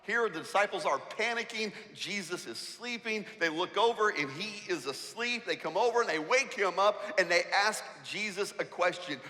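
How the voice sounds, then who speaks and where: A man preaching a sermon as pastor, emphatic and animated, asking the congregation rhetorical questions. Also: sits high, moderate pace, few pauses. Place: church sanctuary. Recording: church hall with long reverb.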